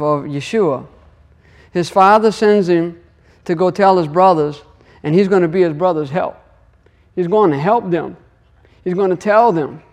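A man's voice: high voice, a little mellow. A man giving an earnest devotional teaching on scripture, repeating phrases and praying aloud. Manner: earnest, repetitive, prays aloud. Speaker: Torah teacher.

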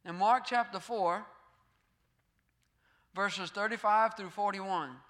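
A man's voice: sits high, slow pace, a bit bright. A man preaching a sermon and reading scripture aloud. He asks his listeners rhetorical questions, repeats key phrases and uses Hebrew terms.

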